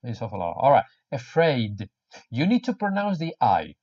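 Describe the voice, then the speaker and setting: Man, English teacher, lively and jokey with learners, swoopy pitch, dull lo-fi audio. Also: normal speed. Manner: animated, jokey, repeats words for learners. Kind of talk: online English lesson. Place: home or small room in Spain.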